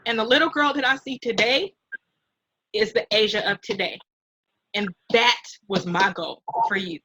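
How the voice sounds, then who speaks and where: A middle-aged woman hosting an interview, talking in a heartfelt, animated, mentoring way. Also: mid-range voice, moderate pace, slight background noise, low-quality recording. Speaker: host and nonprofit founder. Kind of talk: emotional casual interview.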